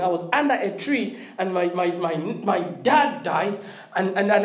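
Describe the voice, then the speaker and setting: A middle-aged preacher in a roomy hall, swinging from emphatic outbursts to hushed, intimate stretches. The speaker repeats words and keeps asking the congregation for a response. The sound carries a wide, echoing room. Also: mid-range voice. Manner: animated, swings from loud emphatic to quiet intimate. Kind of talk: sermon. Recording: roomy echo.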